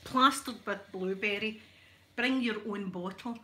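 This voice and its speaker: On a livestream, a middle-aged Scottish woman irons while chatting casually, telling stories and laughing often, as an ASMR host. Her mid-range voice comes at a measured pace, pushed and bright. There's slight background noise.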